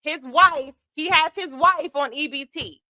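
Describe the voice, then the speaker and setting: A woman hosts a livestream and argues bluntly, swearing freely as she rants. Her voice sits high and sounds bright and edgy. The sound is dry and close, with no room around it. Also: unhurried, dry recording. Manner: blunt, profane, argumentative. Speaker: host. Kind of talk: heated livestream rant.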